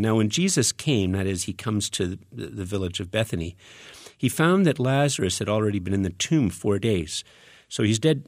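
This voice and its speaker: Gravelly low-voiced man preaching. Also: no echo, studio quality. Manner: conversational, restarts often, earnest. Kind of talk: teaching sermon reading scripture.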